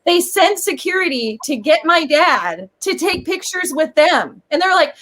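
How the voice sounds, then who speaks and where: Animated woman with a high voice. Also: unhurried. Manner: animated storyteller, acts out quotes. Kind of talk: casual chat.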